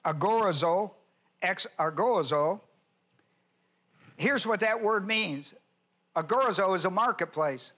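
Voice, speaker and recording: A male pastor teaching a sermon verse by verse, reading scripture aloud and slowing down to stress key words. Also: high voice, sharp tone. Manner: reads scripture aloud and spells out Greek words. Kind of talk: expository Bible teaching sermon.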